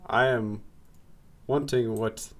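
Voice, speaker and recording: A man's voice: mid-range voice, steady tone, slow. A man playing a tabletop game, talking hesitantly and laughing often. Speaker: player. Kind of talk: casual tabletop play.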